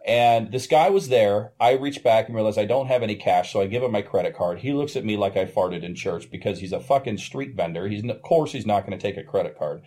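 Male guest with a warm, relaxed voice; lively, profane storyteller in loose conversation. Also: on the low side, fairly quick, hardly any pauses. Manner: animated, profane anecdote-telling. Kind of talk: casual storytelling chat.

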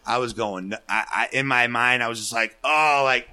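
A man's voice: medium pitch, moderate pace. A man casually telling a long story on a podcast, swearing freely and acting out what people said. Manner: profane, animated, acts out quotes. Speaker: guest storyteller.

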